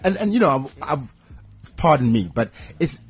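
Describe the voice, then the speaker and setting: A man's voice: fairly high pitch, big pitch swings, normal speed, husky, faint music behind. A man hosting a radio show in a studio, asking questions and teasing his guest in a joking way. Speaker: radio host. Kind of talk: radio interview.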